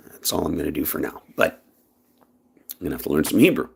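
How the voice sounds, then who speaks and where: This Canadian vlogger talks fast yet pauses often, his voice creaky with a breathy edge. His personal monologue is impassioned and emphatic, and his pitch swings lively up and down.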